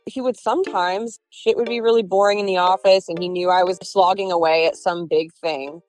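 A woman's voice: lowish voice, fairly even intonation, fairly quick, darkish tone, faint music behind, poor audio. A young woman in her twenties telling her story casually, chatty, laughing often and acting out quotes. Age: 20s.

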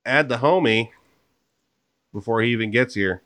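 A man's voice: mid-range voice, moderate pace, a bit bright. A man hosting a podcast, chatting casually about football picks in a rambling, joking way that often interrupts itself. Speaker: podcast host. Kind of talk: casual sports chat.

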